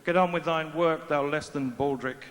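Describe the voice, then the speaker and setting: A man's voice: on the high side, fairly even intonation, normal speed, a bit bright, natural voice. A man reading out a stern father figure in mock biblical phrasing. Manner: mock King James phrasing, curt. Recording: echoey hall, faint ambience.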